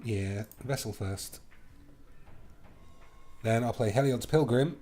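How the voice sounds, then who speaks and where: A man's voice: mid-range voice, slow, mellow, soft background music. A man giving playful, crude running commentary on his card game as he plays, thinking aloud about each move. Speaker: gaming video host.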